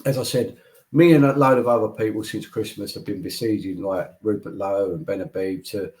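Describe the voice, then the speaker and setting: A man's voice: fairly low pitch, fairly even intonation, a little fast, darkish tone. A man as a guest in a political interview, emphatic and repeating his points like a speech.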